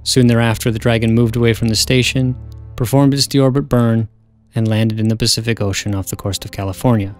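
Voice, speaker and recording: A man giving a scripted narration in an even, factual delivery. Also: medium pitch, a little fast, faint music behind.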